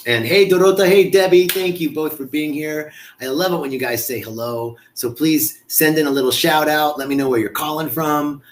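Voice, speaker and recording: A man's voice: fairly high pitch, moderate pace, hardly any pauses, a little hiss or hum. A man hosting a live stream in a casual, effusive way, greeting viewers by name and often stumbling over and repeating words.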